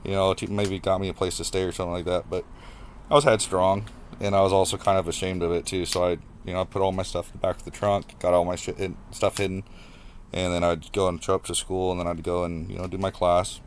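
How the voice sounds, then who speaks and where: A young man with a low, deep voice tells his life story straight to the camera. He talks casually and haltingly, often restarting sentences as he thinks back. Soft background noise sits under the recording. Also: level tone. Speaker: vlogger.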